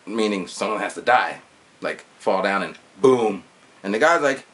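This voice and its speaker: Lively, chatty man in his forties. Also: fairly low pitch, moderate pace. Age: 40s. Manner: animated retelling with sound effects and swearing. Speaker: vlogger reviewing a movie. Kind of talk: casual chat.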